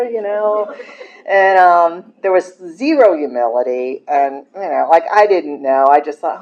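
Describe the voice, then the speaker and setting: A middle-aged woman speaking to a recovery meeting, telling her story in a chatty, animated way, acting out what she said back then with lots of "like"s. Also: on the low side, normal speed, highs cut off. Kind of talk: personal recovery talk at a meeting. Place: meeting room with low ceiling.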